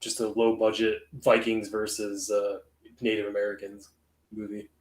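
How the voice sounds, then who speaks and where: A man's voice: on the low side, completely flat delivery, normal speed. Rambling male podcaster in an echoey room. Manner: rambling, many fillers and restarts. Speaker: podcast co-host. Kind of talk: casual chat.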